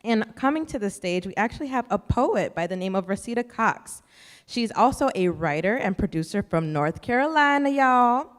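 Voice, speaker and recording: A woman's voice: medium pitch, animated, normal speed. A woman from Chicago's South Side hosting a stage event with playful, joking banter. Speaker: event host. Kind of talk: casual emcee banter. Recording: reverberant library hall.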